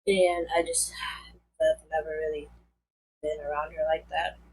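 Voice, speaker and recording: A woman's voice: deep voice, little pitch movement, measured pace, a little mellow, husky, poor audio. A young woman, likely in her teens, telling a storytime vlog in a rambling casual way, full of fillers. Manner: rambling, many fillers like "like" and "and all that stuff". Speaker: vlogger.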